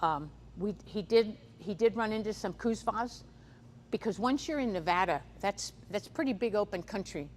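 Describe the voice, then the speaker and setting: A woman with a medium-pitched, darkish voice and lively intonation leads a conference seminar about livestock guarding dogs and predators, speaking at a moderate pace. She keeps it casual, using frequent "um"s and restarting sentences, and the hall is echoey with faint noise behind her.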